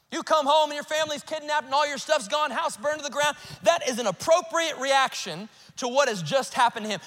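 A male pastor preaching a sermon, swinging between urgent outbursts and hushed, earnest asides. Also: extremely high pitch, big-room sound. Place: church auditorium.

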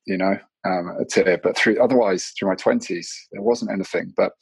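Man in his thirties, low voice, husky edge, dry close sound, reflective and candid. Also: fairly even intonation, moderate pace, no echo. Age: 30s. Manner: reflective, candid storytelling with many restarts. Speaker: guest, mindset coach. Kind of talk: casual podcast conversation.

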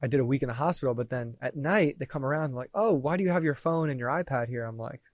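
A man in his thirties, a podcast guest, telling a story in a casual, animated way and acting out what people said. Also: mid-range voice, fast talker, no room sound. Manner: animated, swearing, acts out quoted lines.

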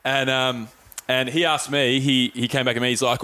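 A man's voice: mid-range voice, flat delivery, normal speed, sharp tone. An Australian man from Melbourne chatting on a podcast, telling rambling stories full of fillers. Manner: rambling storyteller, many fillers. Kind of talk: casual chat.

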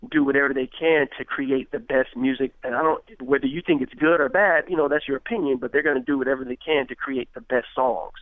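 A rapper from Richmond, California, talking casually as an interview guest, rambling and filling with "you know what I mean.". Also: male voice, medium pitch, no room sound. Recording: tinny phone-like line, dry.

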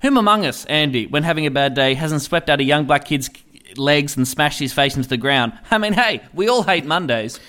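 Sarcastic man, slightly high voice. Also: animated, brisk, few pauses, bright, forceful tone. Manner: sarcastic, mock-earnest, chuckling through jokes. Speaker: satirical podcast host. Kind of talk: satirical comedy commentary.

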